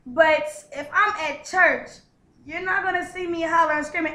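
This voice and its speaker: A young woman with a high, sharp voice holds forth in loose, comedic vlog banter. She talks bluntly and swears freely. The room around her rings with echo. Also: moderate pace. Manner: blunt, profane, animated. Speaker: co-host. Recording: echoey room.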